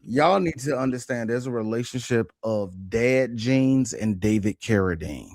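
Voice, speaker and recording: A man's voice: medium pitch, a little slow, darkish tone, dry recording, clean studio sound. A man co-hosting a podcast in casual chat, playful and teasing as he talks. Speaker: podcast co-host.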